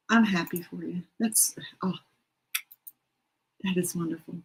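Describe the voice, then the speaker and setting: A woman's voice: fairly low pitch, fairly even intonation, a little slow, pauses often, slightly rough, low-quality recording. A middle-aged woman hosting a writing sprint stream from her home, chatting casually and rambling with self-deprecating asides. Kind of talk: casual livestream chat, reading out comments. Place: home room.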